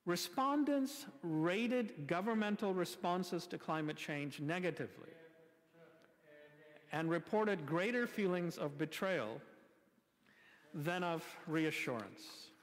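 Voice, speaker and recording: A man preaching a sermon as pastor, lively and wry, asking rhetorical questions in a church. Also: high voice, takes it slowly. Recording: long reverb from a church hall.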